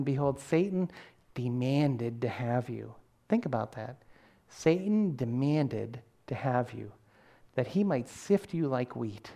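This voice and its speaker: Earnest male pastor, mellow voice. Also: mid-range voice, gravelly. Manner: earnest, conversational preaching with frequent restarts. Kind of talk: sermon.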